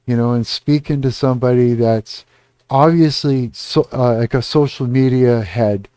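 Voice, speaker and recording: A man's voice: medium pitch, moderate pace, mellow, clear, resonant tone, dry recording. A man live streaming, telling a rambling story in casual talk and acting out both sides of an argument, often asking "you know what I mean".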